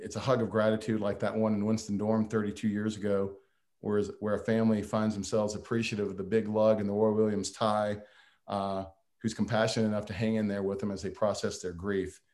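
A man's voice: on the low side, a little mellow. A man giving a humorous, folksy farewell speech to a board, self-deprecating and prone to restarts.

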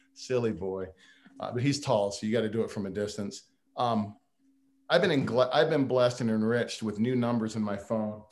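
A man giving a humorous, folksy farewell speech to a board, self-deprecating and prone to restarts. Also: mid-range voice.

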